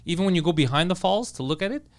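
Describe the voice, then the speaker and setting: Fast-talking, profane man telling stories. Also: high-pitched, lively intonation. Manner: profane, fast-talking storyteller who acts out other people's lines. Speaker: podcast co-host. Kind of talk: casual comedy podcast chat.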